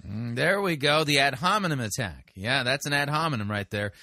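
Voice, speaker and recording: A man's voice: mid-range voice, animated, fairly quick, gravelly, sharp tone, dry recording, clean studio sound. A man commenting on a sermon clip, sarcastic and pointed, firing rhetorical questions. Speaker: podcast critic, sermon reviewer.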